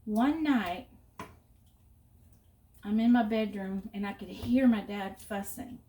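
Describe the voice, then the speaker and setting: A woman's voice: mid-range voice, slow, dark tone, recorded from a distance. A middle-aged woman chatting and telling rambling stories while she cooks in her home kitchen. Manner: chatty storyteller, rambling asides. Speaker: cooking vlogger. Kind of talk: casual chat while cooking. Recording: roomy kitchen, voice off-mic.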